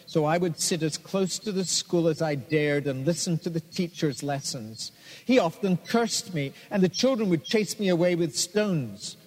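Guy reading as kind old surgeon, calm and earnest, higher voice, lots of echo. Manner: earnest, measured testimony. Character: dignified older male surgeon, kind. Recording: long hall reverb.

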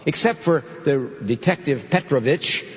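A man's voice: a little high, expressive, normal speed. Older man preaching in a reverberant church. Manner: earnest, emphatic preaching with rising stresses. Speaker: pastor. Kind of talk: sermon. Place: church sanctuary. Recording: dull reverberant hall sound.

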